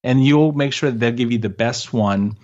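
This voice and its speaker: A man co-hosting a podcast in a relaxed, jokey manner, talking in a middle register. He keeps stumbling and restarting with fillers as he goes. The audio is somewhat dull and lo-fi. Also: mid-range voice, normal speed. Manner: joking, playful, many fillers and restarts. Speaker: podcast co-host. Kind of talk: casual chat.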